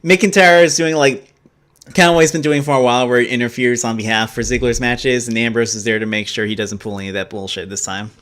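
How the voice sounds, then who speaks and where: A man's voice: mid-range voice, little pitch movement, fast talker, fairly bright tone. A young man co-hosting a casual wrestling podcast, laughing easily and swearing casually. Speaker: podcast co-host.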